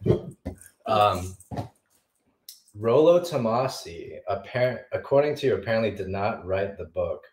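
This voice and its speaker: A man's voice: on the low side, expressive, darkish tone, reverberant, rough recording. A man co-hosting a podcast in casual chat, arguing his points and pushing back. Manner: argumentative, quick to push back.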